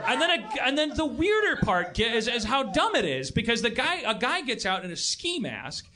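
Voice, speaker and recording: Male comic host, high animated delivery, live theater crowd audible. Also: moderate pace. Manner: animated, acting out characters with shouts and laughs. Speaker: podcast host. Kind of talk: comedic storytelling rant. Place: live stage before an audience.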